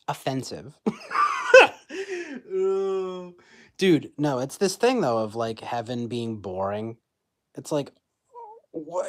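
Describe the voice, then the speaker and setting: A young man talks casually to his stream through a phone mic, his voice sitting at an ordinary middle pitch. He rambles, piles up fillers and restarts, and keeps breaking into laughter at his own jokes. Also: a little mellow. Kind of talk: casual livestream chat.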